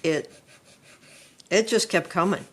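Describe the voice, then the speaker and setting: A middle-aged woman, an art teacher, talking through a drawing lesson in an unhurried, chatty way while she sketches. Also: on the low side, slightly rough.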